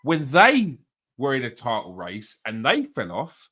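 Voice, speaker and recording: Bright-voiced argumentative man. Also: mid-range voice, wildly swooping pitch, measured pace, breathy edge. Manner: questioning, argumentative. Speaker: podcast host. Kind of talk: casual football chat.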